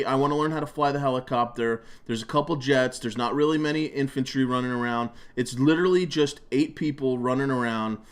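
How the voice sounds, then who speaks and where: A young man giving gameplay commentary, ranting and swearing a lot, often restarting his sentences. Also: medium pitch. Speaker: gaming commentator. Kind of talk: profane gameplay commentary rant.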